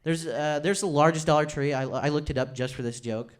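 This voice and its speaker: A man's voice: a little high, brisk. Young male comic in his 20s, rambling self-mocking stage delivery. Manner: rambling, self-deprecating, restarts often. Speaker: stand-up comedian. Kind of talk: stand-up routine. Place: comedy club stage.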